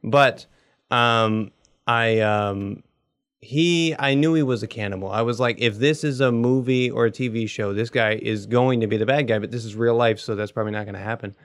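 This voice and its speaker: A man's voice: medium pitch, moderate pace, no room sound, clean studio sound. Rambling young man on a podcast. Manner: rambling, hesitant storytelling with many fillers. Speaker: podcast co-host. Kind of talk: casual chat.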